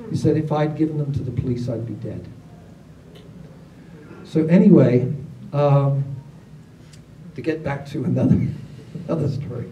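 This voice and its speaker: A man, telling stories to a gathering in a casual, animated way, acting out other people's lines. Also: medium pitch, moderate pace, pauses often, muffled recording. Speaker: storyteller at a gathering. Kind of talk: casual spoken storytelling. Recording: roomy, distant mic, faint background noise.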